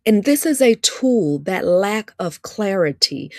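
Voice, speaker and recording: A woman hosting a lively teaching talk, playful and preacher-like, repeating key lines for emphasis. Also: mid-range voice, slow, hardly any pauses, no room sound, clean studio sound. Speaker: relationship teacher and host.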